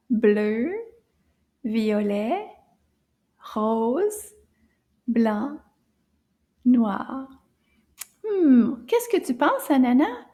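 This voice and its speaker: A woman gives a children's French lesson in a high, mellow voice, cheerful and encouraging. She takes her time, switches between English and French, and often slips into soft whispers. Her tone stays warm throughout. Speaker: French teacher.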